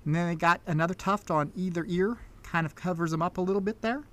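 Game master, relaxed descriptive narration, middle pitch. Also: fast.

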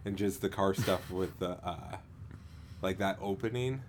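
Rambling low-voiced man chatting. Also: a little hiss or hum. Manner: rambling, halting, filler-heavy, frequent laughs. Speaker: podcast co-host. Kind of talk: casual chat.

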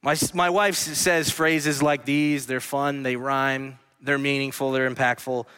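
A man pastor preaching a sermon in a church, earnestly swinging between hushed lines and emphatic ones. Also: medium pitch, steady tone, unhurried, clean tone. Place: church sanctuary. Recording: long hall reverb.

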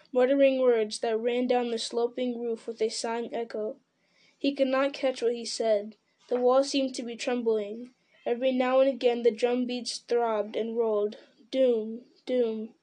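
A woman's voice: on the high side, warm tone. A woman reading a fantasy novel aloud in dramatic storytelling style, with occasional slips and restarts. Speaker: reader.

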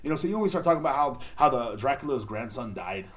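A man's voice: mid-range voice, lively intonation, rapid-fire. A man, hosting a podcast in a casual, profane, rambling monologue. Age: 30s. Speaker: podcast host.

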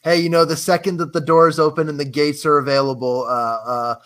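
A man's voice: fairly high pitch, level tone, a little fast, a bit bright. A man hosting an interview over a video call, upbeat and enthusiastic. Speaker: podcast host. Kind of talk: casual interview chat.

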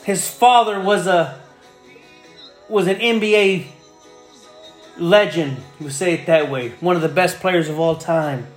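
A man's voice: high-pitched, measured pace, long pauses, faint music behind. A man preaching a sermon with fervor, repeating phrases and building in intensity. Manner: fervent, repetitive, builds in intensity.

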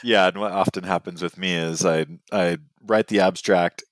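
A man co-hosting a podcast, relaxed and steering the conversation back on track. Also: low-pitched, moderate pace, no room sound. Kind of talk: casual conversation. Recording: dry close mic.

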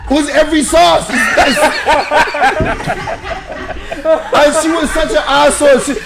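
A man's voice: very high voice, steady tone, slow, vocal fry, heavy background noise. A young man from the Virgin Islands with a Caribbean accent, telling a story in casual podcast chat and laughing through it.

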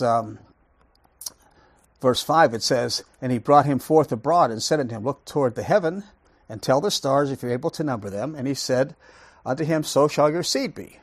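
Husky, lively-voiced man teaching Scripture. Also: mid-range voice, no room sound. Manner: emphatic, rhetorical questions, repeats words for stress. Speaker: Bible teacher. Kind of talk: Bible study lesson.

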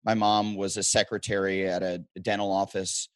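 A man from the Midwest telling stories as a guest, animated and joking in casual chat. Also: sits low, smooth, no room sound. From American Midwest. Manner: animated storyteller, joking, quick asides.

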